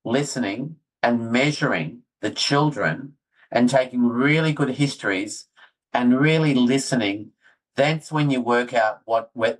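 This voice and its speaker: A middle-aged man, talking excitedly as a guest in a casual interview. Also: medium pitch, poor audio. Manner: excitable, animated storyteller, self-deprecating. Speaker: guest orthodontist.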